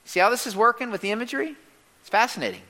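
An animated pastor preaches to his congregation, his bright, forceful voice ringing through a large hall with long reverb. He swings from quiet asides to shouted exclamations and keeps calling on the room to answer. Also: very high-pitched, rapid-fire. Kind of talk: sermon.

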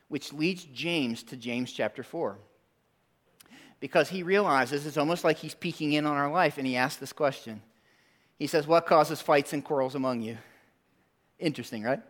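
A man preaching a sermon in a church, emphatic, drawing in the congregation with questions and pauses. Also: high-pitched, fairly bright tone. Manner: emphatic, calls for audience response, dramatic pauses. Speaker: pastor. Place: church sanctuary.

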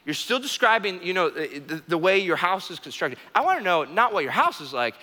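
A man voicing a calm male teacher who probes with repeated, gentle questions. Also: high-pitched, fairly quick, long reverb tail, exaggerated voice. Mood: probing.

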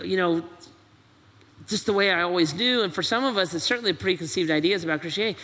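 A man's voice: high-pitched, sharp tone. A man preaching a sermon as pastor, pressing his point with repeated rhetorical questions. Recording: long reverb of a large hall.

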